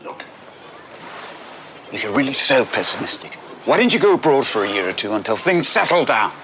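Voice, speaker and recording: A calm man reasons with a friend, his pitch moving lively up and down. His tone is persuasive. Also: fairly quick, a little hiss or hum.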